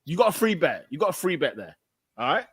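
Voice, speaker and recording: Young man, quick teasing repeats, high lively voice. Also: breathy edge, no room sound, clean studio sound. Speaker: podcast co-host. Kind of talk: casual football chat.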